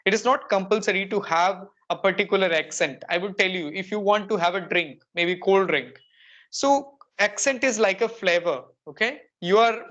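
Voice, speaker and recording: A woman with an Indian English accent, speaking as an English coach in a practice conversation. She explains patiently and reaches for everyday examples, in a voice of ordinary middle pitch. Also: fairly bright tone.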